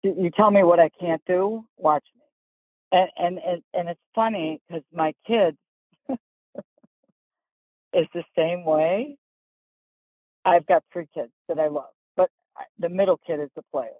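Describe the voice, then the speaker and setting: A woman's voice: fairly low pitch, unhurried, pauses often, no echo. A woman golf instructor, a guest in an interview, telling candid stories and acting out the voices in them. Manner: animated, acts out voices in her stories. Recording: dry, phone-like call audio.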